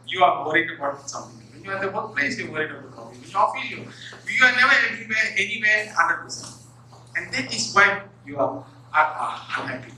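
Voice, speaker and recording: A male professor with a bright, high voice gives a motivational public talk, telling stories with animated humor and acting out little scenes. He's far from the mic in an echoey hall, with a little hiss or hum.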